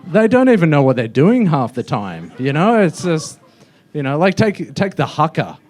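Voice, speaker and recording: A man's voice: on the high side, very animated, moderate pace, a little mellow, a little hiss or hum. A young man doing a mocking stand-up roast in a comedy club, with a loose, offhand delivery full of fillers. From Australia.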